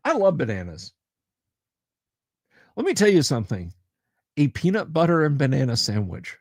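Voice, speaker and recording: A man's voice: on the high side, sing-song, moderate pace, pauses often, husky, dry recording, studio quality. A man hosting a casual livestream, chatting in a rambling, self-interrupting way and reacting to viewer comments as he goes. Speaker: livestream host.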